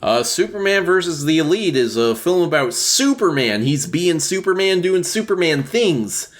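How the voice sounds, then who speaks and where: Podcast co-host, male, slightly high-pitched, blunt, argumentative, swears a lot. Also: expressive, moderate pace. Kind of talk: casual movie review chat.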